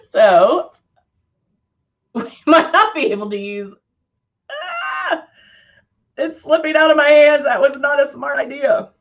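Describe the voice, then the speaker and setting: A woman's voice: high-pitched, big pitch swings, slow pace, pauses often, dull audio. A middle-aged woman hosting a live makeup demo, chatting casually, laughing often and reading viewer comments aloud. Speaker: live stream host.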